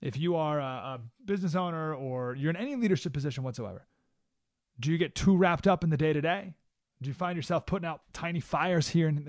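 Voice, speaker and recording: A man's voice: on the high side, a little mellow, no echo. A man hosting a talk radio show, giving an emphatic monologue full of rhetorical questions in a studio. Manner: emphatic, rhetorical questions, keeps asking "right?".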